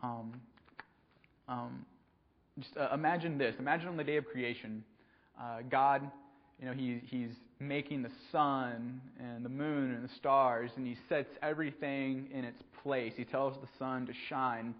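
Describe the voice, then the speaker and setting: A man preaching a conversational sermon, pausing often with ums and repeating words as he goes. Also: medium pitch, fairly even intonation. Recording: dull lo-fi recording.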